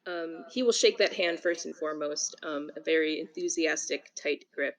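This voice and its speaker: A woman describing her character as a player in a tabletop game, relaxed, with many ums. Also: deep voice, moderate pace, poor audio.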